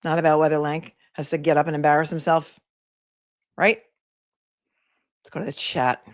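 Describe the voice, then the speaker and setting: A woman's voice: low voice, flat delivery, moderate pace, dry recording, studio quality. A middle-aged woman attorney hosting a casual livestream, chatting and reading viewer comments aloud.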